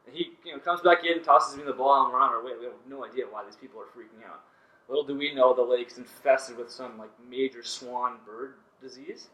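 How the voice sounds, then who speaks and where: A man's voice: mid-range voice, brisk, bright, forceful tone, distant mic. Man telling stories off-mic. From Canada. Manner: laid-back, many "like" and "you know" fillers. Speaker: podcast guest, volleyball player. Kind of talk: casual storytelling. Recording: roomy, from off-mic.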